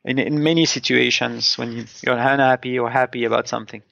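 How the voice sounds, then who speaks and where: A man's voice: mid-range voice, fairly even intonation, a little fast, vocal fry, sharp tone, dry recording. A man from France, a native French speaker, co-hosting a casual comics review podcast and explaining points thoughtfully, with many restarts. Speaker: podcast co-host. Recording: dull, dry sound.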